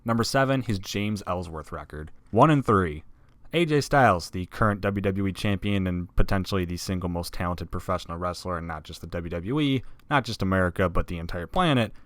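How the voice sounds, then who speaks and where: A slightly low-voiced man narrates a wrestling countdown in a sarcastic, profane style that keeps leaping into loud emphasis. His voice is recorded close and dry, with no room sound around it. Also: fairly quick, no room sound. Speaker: wrestling list video host. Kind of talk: scripted commentary narration.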